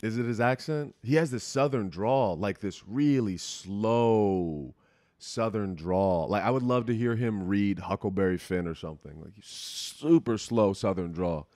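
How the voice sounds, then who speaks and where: Close-miked and completely dry, with no room echo, a young man hosts a podcast in a deep, low, darkish voice. He talks at a moderate pace with hardly any pauses, rambling in an unfiltered, profane, candid way.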